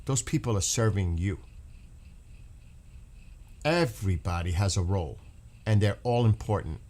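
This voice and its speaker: A man's voice: fairly low pitch, expressive, measured pace, darkish tone. A middle-aged American man, chatting casually and earnestly with live viewers, rambling and repeating himself. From United States. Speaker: live stream host.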